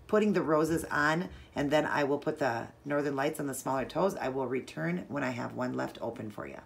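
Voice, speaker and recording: A woman talking through a nail art tutorial in a chatty, relaxed way, explaining each step as she works. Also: deep voice, slight background noise.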